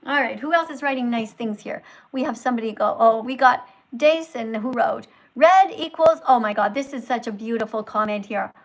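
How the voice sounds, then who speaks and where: A woman hosting a livestream as a teacher, lecturing and scolding her viewers in a moralizing tone that swings between loud and soft. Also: on the high side, a little fast, hardly any pauses, low-quality recording. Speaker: livestream host posing as a teacher.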